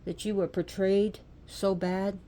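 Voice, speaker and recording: A woman retelling a myth with deep feeling, repeating phrases and asking the listener direct questions. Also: flat delivery, slow, warm tone, slight background noise. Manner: impassioned, repetitive, asks the listener direct questions. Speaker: storyteller. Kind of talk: emotional oral storytelling of myth.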